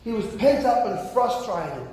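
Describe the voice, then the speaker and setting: A pastor preaching a sermon in a lively, conversational way, often repeating words as he goes. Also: sits high, a little slow. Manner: animated, conversational, repeats words and acts out quotes. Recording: echoey hall with long reverb.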